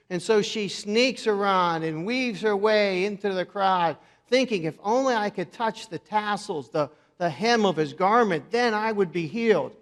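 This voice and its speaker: A man preaches in a church, his voice pitched a little high and trailing into a long reverb. He tells the story with dramatic pauses and goes quiet and gentle for quoted words. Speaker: pastor. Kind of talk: sermon. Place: church sanctuary.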